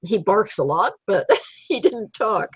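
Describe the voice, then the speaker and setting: A woman's voice: mid-range voice, lively intonation, takes it slowly, breathy edge, no echo, rough recording. A woman in her eighties, a guest telling pet stories in a rambling, chatty way and laughing often. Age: 80s. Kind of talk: casual chat.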